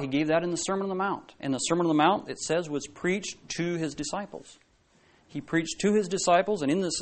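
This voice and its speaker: A man preaching a sermon to a congregation, talking in a conversational way, asking questions and often restarting his sentences. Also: fairly high pitch.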